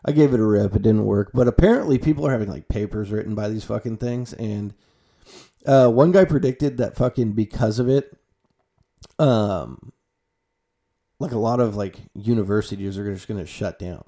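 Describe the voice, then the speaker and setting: A young man rambling casually to his viewers in a loose, profane monologue, often trailing off quietly at the ends of phrases. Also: moderate pace. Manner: gets loud and high when retelling his own panicked reactions. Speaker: vlogger.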